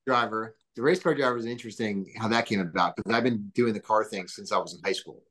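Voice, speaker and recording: Speaking fast in a voice on the low side, this thirty-something business founder appears as a podcast guest. He rambles animatedly through casual stories, leaning heavily on filler words.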